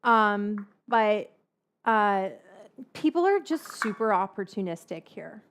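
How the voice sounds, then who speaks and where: Speaking slowly in a sing-song, medium-pitched voice, this Bay Area woman cooks and chats at the same time. She's a cookbook author and host who rambles, speaks bluntly, swears often and drifts from tangent to tangent.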